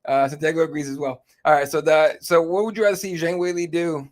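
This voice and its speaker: Male co-host from Arizona, easygoing and agreeable, slightly high voice, laughs a lot. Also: little pitch movement, fast talker. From Arizona, USA. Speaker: podcast co-host reading live chat. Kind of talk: casual podcast chat.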